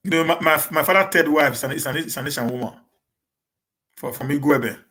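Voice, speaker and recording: A man with a Nigerian accent chatting casually to his live-stream viewers, talking quickly and often repeating and restarting words as he mixes in pidgin. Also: a little high, pushed and bright. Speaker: live-stream host answering viewer questions.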